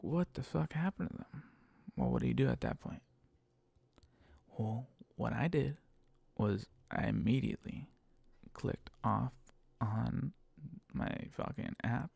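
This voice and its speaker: A man with a gravelly, dark-toned voice tells a rideshare driving story in a casual monologue. He swears constantly and lays on emphatic exasperation. The sound is dry and close. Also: mid-range voice, very animated, measured pace, pauses often, no room sound. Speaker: rideshare driver telling stories.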